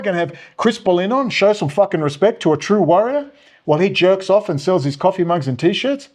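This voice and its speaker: A man delivering an angry, profane solo rant as a commentator, sneering, with sudden swings up and down in pitch. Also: expressive, a little fast, darkish tone. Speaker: political commentator.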